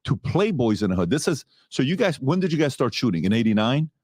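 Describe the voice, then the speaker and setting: A man hosting a casual interview, asking halting questions with many fillers. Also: medium pitch, big pitch swings, darkish tone, no echo, clean studio sound. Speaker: host.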